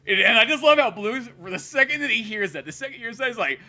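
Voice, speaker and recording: A man's voice: very high voice, expressive, fast, hardly any pauses, sharp tone. A young man co-hosting a podcast, chatting loosely with lots of fillers and swearing, acting out quotes from a comic. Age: young adult. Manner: loose and profane, many fillers, acts out quotes. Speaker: podcast co-host. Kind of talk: casual chat.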